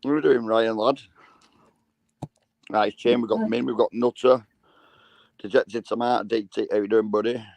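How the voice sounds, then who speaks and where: A hoarse man hosting a casual livestream chat, blunt and sweary with laddish banter. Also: on the low side, steady tone, moderate pace, long pauses, darkish tone, dry recording. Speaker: livestream host.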